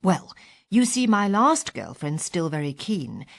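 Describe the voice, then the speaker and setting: A woman's voice: fairly low pitch, sing-song, unhurried, vocal fry, exaggerated voice. A woman voicing a boastful young man rambling on about his girlfriends. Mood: smug. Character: boastful young man, self-satisfied boyfriend.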